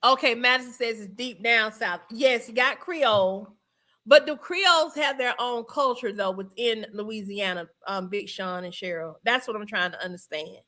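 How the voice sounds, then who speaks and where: A woman's voice: fairly high pitch, moderate pace, bright, forceful tone. A woman from Georgia with a Southern accent, hosting a casual livestream, chatty and laughing often as she answers viewer comments. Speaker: livestream host.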